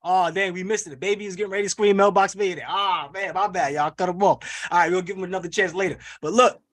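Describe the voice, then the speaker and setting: A man coaching on an online webinar, rallying listeners with an energetic, preachy call-and-response style over a video call. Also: sits high, fast. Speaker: wealth coach hosting a webinar. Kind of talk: hype motivational webinar coaching.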